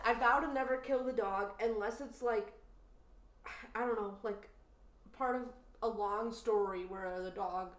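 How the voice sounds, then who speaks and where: Here the woman speaks at a measured pace in a mid-range voice, picked up by a distant mic in a roomy room. As a podcast co-host in casual chat, she grows indignant and animated while telling stories, saying "like" again and again.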